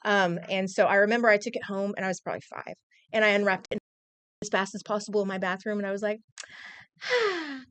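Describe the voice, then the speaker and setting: A woman's voice: medium pitch, quick pace, clean tone, no room sound. A woman in her forties, a news anchor, chatting casually on air and telling a story with acted-out quotes. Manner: animated storyteller, acts out quotes. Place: TV news studio.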